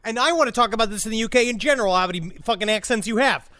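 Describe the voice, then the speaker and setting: A man's voice: high voice, rapid-fire, bright, forceful tone, no echo, clean studio sound. A man co-hosting a true-crime comedy podcast, rambling and swearing and often laughing as he riffs. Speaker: podcast co-host. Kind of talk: casual comedic chat.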